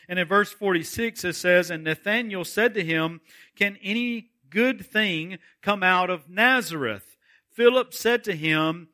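A man preaching a sermon, reading scripture aloud in a deliberate way. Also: sits high, bright, forceful tone. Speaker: pastor.

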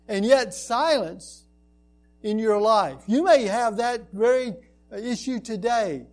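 A male pastor delivers a sermon in a fairly high voice. He speaks slowly and earnestly, pausing between phrases, then rises into emphatic, repeated lines. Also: a little mellow. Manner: earnest preaching with rising emphatic repetitions.

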